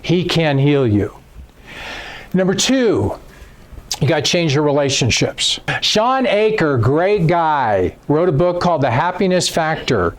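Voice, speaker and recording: A man's voice: fairly high pitch, measured pace. Emphatic man telling stories at a seminar. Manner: animated, emphatic storyteller who acts out quotes. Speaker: seminar speaker. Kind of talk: lecture with storytelling. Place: seminar room.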